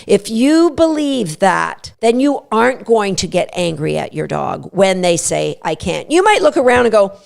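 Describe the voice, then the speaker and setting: A woman hosting a dog training podcast, explaining dog emotions and sometimes speaking a dog's thoughts in a lower, softer voice. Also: very animated, normal speed, vocal fry, few pauses. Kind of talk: instructional podcast talk.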